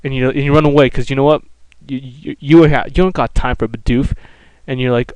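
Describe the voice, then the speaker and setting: A man's voice: medium pitch, fairly even intonation, fairly quick, few pauses, clear, resonant tone, no room sound, low-quality recording. A young man giving joking, mock-dramatic commentary while playing a video game. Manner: joking, mock-dramatic, narrates in second person. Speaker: let's play commentator. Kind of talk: casual gameplay commentary.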